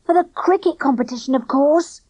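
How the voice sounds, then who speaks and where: A woman's voice: high-pitched, brisk, warm tone, dry recording, voice pushed up, lightly acted, rough recording. A woman reading a storybook, voicing a plump, clumsy young boy who whines and pleads. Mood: eager. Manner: breathless, pleading, complaining.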